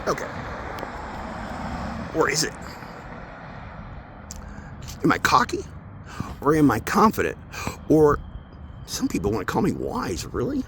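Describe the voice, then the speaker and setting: Intense, swearing vlogger, high voice that swoops widely, recorded on a phone outdoors near traffic. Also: male voice, huge pitch swings, moderate pace, gravelly, long pauses. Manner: swearing, intense, swings between mumbling and loud outbursts. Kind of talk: rambling spiritual monologue. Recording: outdoor phone audio with street noise.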